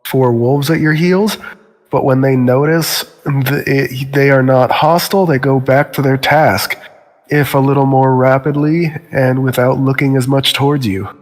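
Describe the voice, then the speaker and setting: A man's voice: mid-range voice, fairly even intonation, unhurried, big-room sound. A man narrating a tabletop game as game master, describing scenes steadily and briefly voicing nervous guards.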